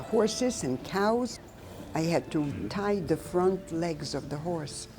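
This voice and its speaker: An older woman recounting her own memories in a slow, halting, reflective way with pauses. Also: low-pitched. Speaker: Holocaust survivor giving testimony. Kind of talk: personal testimony, recounted memories.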